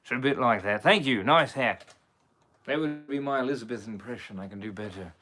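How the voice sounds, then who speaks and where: Brisk, pushed and bright, this mid-range male voice comes with slight background noise. The speaker is an impersonator playing a swaggering, rum-loving pirate captain, chatting in character on a live stream with playful pirate talk.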